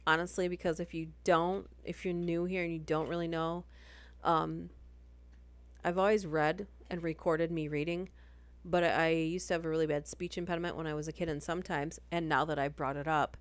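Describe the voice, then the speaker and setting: A woman's voice: sits low, no echo. A woman chatting casually on a live stream between horror story readings. She rambles and interrupts herself as she talks.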